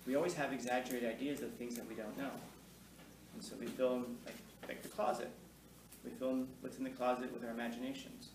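A man from Los Angeles, a teacher giving a rambling, jokey classroom lecture that acts out the voices he quotes. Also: medium pitch. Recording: distant echoey classroom with noise.

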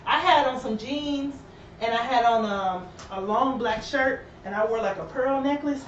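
Showing off shoes on a casual live sales stream, a young shoe store host chats directly to viewers in a high, animated voice at normal speed, a bit out of breath. She's set back from the mic in an echoey room, so the audio sounds dull and lo-fi with slight background noise.

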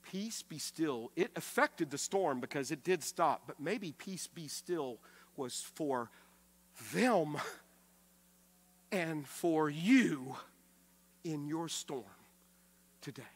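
A man pastor preaching a sermon with emphasis, swinging from loud to hushed and often repeating words as he restarts. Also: on the high side, lively intonation, takes it slowly, long pauses, slightly rough. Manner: acts out quoted speech with raised voice.

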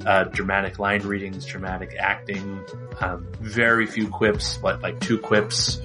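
A man hosting a podcast, chatting in a relaxed, rambling way with plenty of fillers. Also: sits low, a little slow, over music. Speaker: podcast host. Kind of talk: casual chat.

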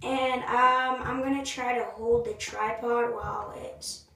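A woman vlogging casually, jittery and excitable, sometimes dropping to a hushed voice. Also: on the high side, a little slow, vocal fry. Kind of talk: casual video narration. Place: small bathroom, lights off. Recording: echoey bathroom, faint noise.

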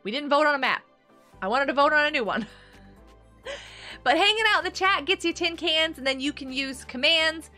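A woman's voice: high-pitched, lively intonation, normal speed, pauses often, pushed and bright, soft background music. A woman streaming a game live, chatting to viewers by name, giggling and panicking as she plays. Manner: bubbly, giggly, often panicked; talks to chat viewers by name.

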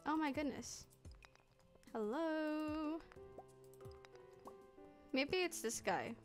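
Young woman, game streamer, slightly high voice, playful self-talk, faint game music behind. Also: a little slow. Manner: playful, talks to herself, mock-archaic phrases. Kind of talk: casual gameplay commentary.

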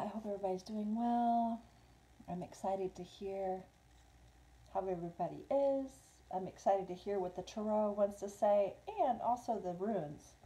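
A woman's voice: mid-range voice, warm tone, poor audio. A woman casually chatting through a live tarot reading, mixing English with Spanish phrases. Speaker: tarot reader. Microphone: small clip-on mic.

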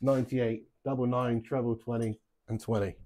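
Speaking at normal speed in a level, dark, mid-range voice, a man plays darts at his home setup for a live audience. He chats with viewers and reads their messages, joking, swearing freely and laughing frequently.

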